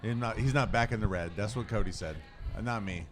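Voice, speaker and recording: A man's voice: on the low side, fairly quick, soft background music. A Midwestern American man hosting a podcast, a rambling storyteller who swears freely in casual comedic chat. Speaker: podcast host.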